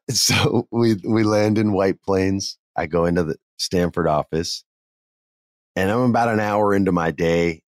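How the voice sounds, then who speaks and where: Animated man telling backstage stories. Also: deep voice, a little slow, dry recording, studio quality. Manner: animated, acts out quoted voices. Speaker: podcast guest telling stories. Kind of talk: casual storytelling.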